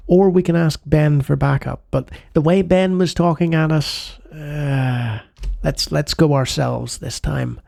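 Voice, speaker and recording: A man's voice: fairly high pitch, fairly even intonation, a little slow, gravelly, warm tone, no room sound. A man hosting a retro game channel, giving playful let's-play commentary with jokey asides.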